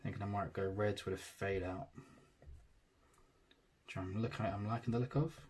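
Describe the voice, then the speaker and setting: A man, casually talking through a digital tattoo drawing in real time, thinking aloud and trailing off softly. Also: lowish voice, fairly even intonation, normal speed, breathy edge.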